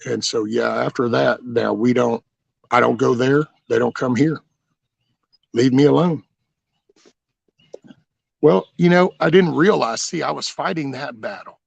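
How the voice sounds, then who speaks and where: A middle-aged man with a deeply gravelly, raspy voice, telling stories from his life in a loose, rambling way. He is blunt and swears freely. The sound is dry and close. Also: moderate pace, no room sound, muffled recording. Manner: rambling, blunt and profane, with many restarts. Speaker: channel host telling his life story. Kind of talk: casual storytelling.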